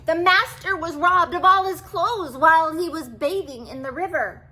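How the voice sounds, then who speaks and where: An older woman voicing a cunning, smooth-talking male cat in a storybook reading, flattering and slipping in meows. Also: very high-pitched, moderate pace, background noise, voice pushed up. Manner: flattering, meowing between words.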